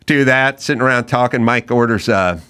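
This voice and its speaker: A man's voice: mid-range voice, brisk, sharp tone, clean tone. A man telling a comedic story as a podcast guest, acting out the dialogue and swearing freely.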